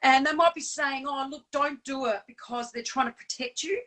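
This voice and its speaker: A woman's voice: sits high, normal speed, a bit bright, rough recording. A woman standing in as host of a live show, chatting casually and animatedly, laughing often and using plenty of fillers. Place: on Bribie Island.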